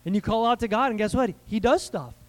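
A man's voice: sits high, fast talker, low-quality recording. A man preaching a conversational sermon from the United States, asking his listeners questions and calling for amens. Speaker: pastor.

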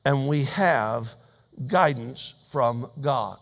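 A man preaching a sermon as pastor, folksy and humorous, swinging between emphatic loud passages and hushed asides. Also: mid-range voice, lively intonation, extremely slow, gravelly, long reverb tail.

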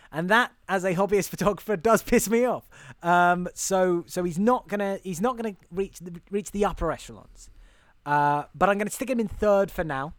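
A man's voice: high voice, no room sound, clean studio sound. A man co-hosting a casual chat, talking in a chatty way, laughing often and restarting his sentences. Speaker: podcast co-host.

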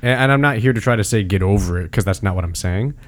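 A man in casual podcast chat, arguing his opinions emphatically and pressing his points. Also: quick pace. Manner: argumentative, emphatic, pitch jumps when making a point.

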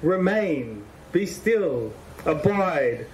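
A man's voice: on the high side, sing-song, extremely slow, recorded from a distance, slight background noise, poor audio. A man preaching a sermon in a conversational, emphatic way, repeating phrases for stress.

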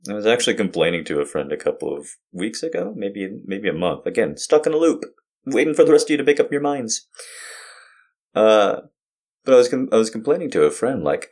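Deep-voiced man, rambling chat to fans, profane self-mocking humor, pitch swinging widely. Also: very animated, a little fast, a little mellow. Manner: profane self-deprecating joking. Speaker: streamer talking to fans. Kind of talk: casual monologue.

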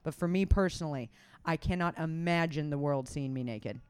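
Comedian rambling on a podcast, swears a lot, smooth clear voice, dry close mic. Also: medium pitch, normal speed, no room sound. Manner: chatty, rambling, swears freely. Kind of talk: casual chat.

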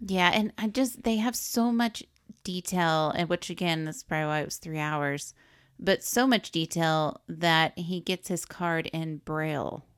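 A woman's voice: sits low, a little slow, clean tone, no room sound, studio quality. A woman co-hosting a podcast, chatting casually and enthusiastically about a film. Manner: enthusiastic, short reactions. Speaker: podcast co-host. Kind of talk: casual movie review chat.

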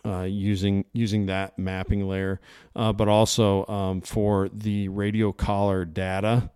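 A man's voice: lowish voice, little pitch movement, unhurried, a little mellow, clear, resonant tone, dry recording, clean studio sound. A man hosting a podcast, talking in an enthusiastic, rambling way. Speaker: podcast host. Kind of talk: casual podcast interview.

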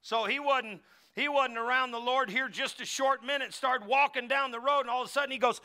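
A middle-aged man preaching a lively sermon as pastor, acting out quotes in character voices and having the congregation repeat after him. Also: very high voice, brisk.

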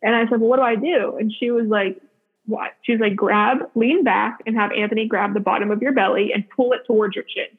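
A woman's voice: mid-range voice, steady tone, a little fast, breathy edge. A woman telling a personal story in casual chat, full of "like" fillers and frequent laughs. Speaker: podcast guest. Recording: tinny phone-like line.

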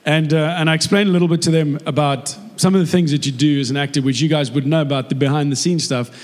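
A man preaching a sermon in a chatty, jokey, animated way. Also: fairly high pitch, quick pace. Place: church hall. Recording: echoey hall with long reverb.

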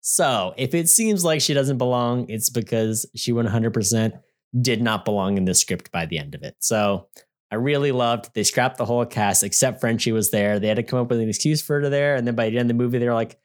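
A man co-hosting a podcast, reviewing a film in an animated, sarcastic rant that keeps asking his listener "all right?". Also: mid-range voice, brisk. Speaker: podcast co-host. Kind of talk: casual movie review rant.

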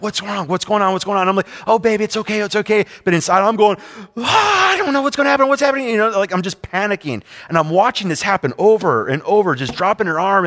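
A man with a fairly high, slightly bright voice preaches a sermon, sharing a personal story earnestly and confessionally, often repeating himself. The recording carries a long hall reverb.

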